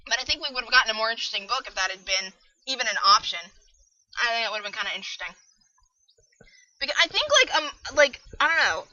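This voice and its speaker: A woman's voice: on the high side, lively intonation, quick pace, long pauses, sharp tone, dull audio. A woman giving a casual spoken book review, chatty and profane, full of fillers. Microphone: audio-only recording.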